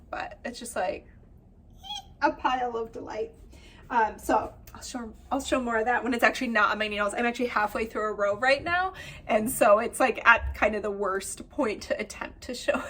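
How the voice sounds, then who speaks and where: A woman's voice: a little high, a bit bright. A woman with a slightly nasal voice, chatting casually to camera as the host of a knitting and spinning vlog. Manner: chatty and upbeat, many fillers and little laughs. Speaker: knitwear designer and vlog host.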